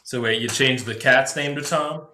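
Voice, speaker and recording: A man co-hosting a podcast, chatting casually, expressive and quick to laugh. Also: mid-range voice, reverberant. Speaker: podcast co-host. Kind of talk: casual chat.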